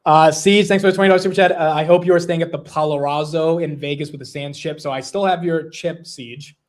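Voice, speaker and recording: A man's voice: on the high side, fairly even intonation, fairly quick. A young man hosting a long livestream, chatting casually, rambling, swearing loosely, and reading out viewer super chats. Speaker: livestream host.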